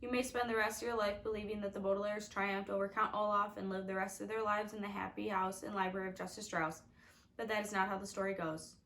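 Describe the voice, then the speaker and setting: A woman's voice: medium pitch, flat delivery, quick pace, fairly bright tone, rough recording. Woman reading a wry storybook aloud. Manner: wry, confiding asides to the reader. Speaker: audiobook reader. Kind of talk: storybook narration.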